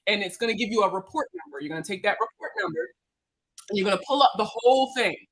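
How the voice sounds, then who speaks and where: Answering viewers live, this Baltimore-accented woman, a credit repair consultant, keeps things playful and slang-heavy, joking with the audience in an animated way. She speaks quickly at medium pitch over poor audio.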